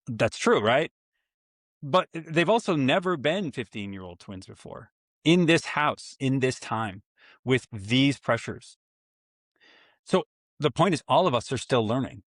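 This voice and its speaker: A man's voice: mid-range voice, no echo, clean studio sound. A man in his forties hosting a solo parenting podcast, earnest and reflective, with self-mocking asides. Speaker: podcast host for fathers.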